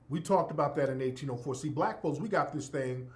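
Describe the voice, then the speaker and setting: A man's voice: fairly high pitch, brisk, few pauses, a little mellow. A man giving an emphatic, profane, preacher-like monologue as a commentator. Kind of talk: impassioned monologue.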